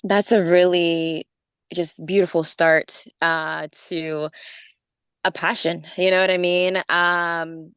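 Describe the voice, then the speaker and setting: Low-voiced woman hosting an interview. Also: level tone, slow pace, smooth, dry recording, clean studio sound. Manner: warm laughing, meandering questions. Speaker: podcast host.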